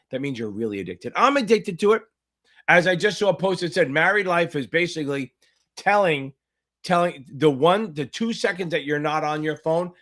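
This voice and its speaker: A man tutoring for a finance exam, hosting a livestream Q&A, loud and profane, hyping viewers up and answering chat questions. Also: fairly high pitch. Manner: loud, profane, hyped-up coaching.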